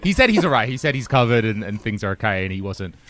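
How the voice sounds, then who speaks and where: A man's voice: lowish voice, sing-song, fast talker, fairly bright tone. A man hosting a casual podcast chat, wry and teasing.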